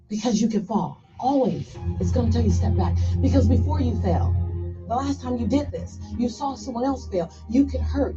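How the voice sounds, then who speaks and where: A woman's voice: on the high side, warm tone. A woman speaking as a guest, telling her story in an emphatic motivational style and repeating phrases for effect. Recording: slightly muffled radio broadcast.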